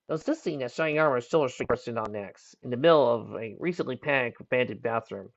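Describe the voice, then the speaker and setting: A man's voice: mid-range voice, fast talker, vocal fry, few pauses, lo-fi sound. A man reading a pony fan story aloud, voicing each character's lines in turn. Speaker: fanfiction reader. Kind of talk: storybook narration.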